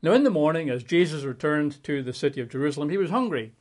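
A male preacher with a somewhat high voice teaches from scripture in a relaxed, conversational sermon. He stresses his key words with emphasis and talks straight to his listeners. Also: quick pace.

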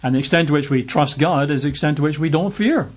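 A man's voice: on the high side, fast talker, husky, muffled recording. A man preaching a sermon and reading Bible verses aloud, stressing his points by repeating phrases.

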